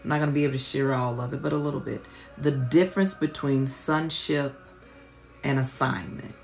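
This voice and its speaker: A woman's voice: extremely low pitch, fairly even intonation, moderate pace, vocal fry, a little mellow, soft background music. A woman preacher giving an impassioned, colloquial teaching sermon on a live stream, repeating rhetorical questions.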